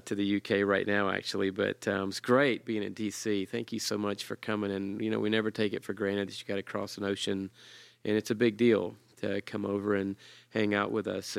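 A man hosting a casual podcast, talking in a relaxed, rambling way with his guest. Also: on the low side, vocal fry, dry recording. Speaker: podcast host.

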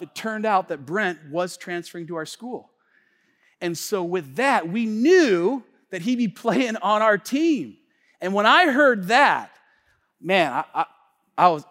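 A male pastor preaching a sermon in a casual, slangy storytelling manner that swings between hushed asides and loud outbursts. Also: high voice, animated, measured pace. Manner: casual slangy talk, many fillers and restarts. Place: church sanctuary. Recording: long reverb of a large church hall.

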